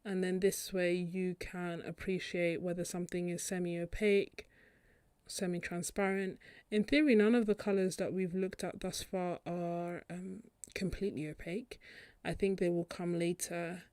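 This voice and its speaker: Chatty British woman, low voice. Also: flat delivery, moderate pace, darkish tone, clear, resonant tone, dry recording. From Britain. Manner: chatty, laughs often, thinks aloud. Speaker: art channel host. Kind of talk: casual live-stream chat while swatching paints.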